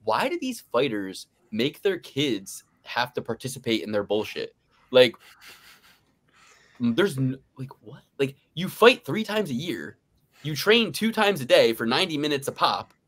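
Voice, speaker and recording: A man's voice: medium pitch, big pitch swings, unhurried, a bit bright. A man from the United States co-hosting a casual sports betting podcast, ranting with mock outrage. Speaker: podcast co-host.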